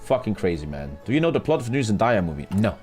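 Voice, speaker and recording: A man's voice: fairly low pitch, fast talker, soft background music. A man, telling a story on a gaming live stream in a casual, profane way and acting out what others said. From Germany. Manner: animated, profane, retelling with acted-out quotes.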